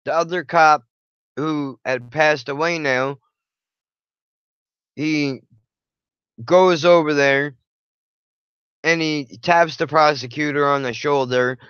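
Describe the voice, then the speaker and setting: A young man with a bright, forceful and crisp voice tells a personal story bluntly, swearing freely and speaking his mind. The sound is dry but a little dull and lo-fi. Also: on the high side, fairly even intonation, slow, pauses often, dry recording. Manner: blunt, profane, frank. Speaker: channel host.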